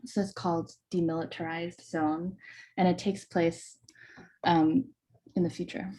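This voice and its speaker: Woman poet reading her own verse over a video call, warm and mellow, steady rhythmic delivery. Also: fairly low pitch. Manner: measured, rhythmic recitation with soft hesitant asides.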